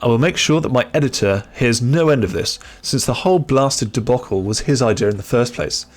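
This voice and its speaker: A man's voice: medium pitch, brisk, natural voice. A man reading out an email as a fussy, exasperated male writer with a long-winded complaint.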